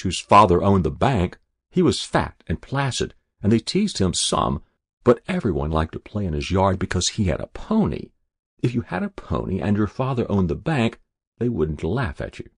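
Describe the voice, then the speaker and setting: Deep gravelly male storyteller. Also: dry recording, clean studio sound. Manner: measured, expressive storytelling. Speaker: narrator. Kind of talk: reading a story aloud.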